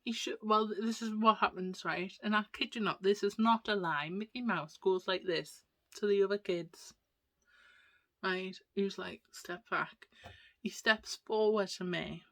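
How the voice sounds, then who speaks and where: A woman's voice: medium pitch, moderate pace. Young-sounding woman, casual vlog storyteller, rambly, slips into whispered asides. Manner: chatty, rambling, drops into soft whispered asides. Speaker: vlogger.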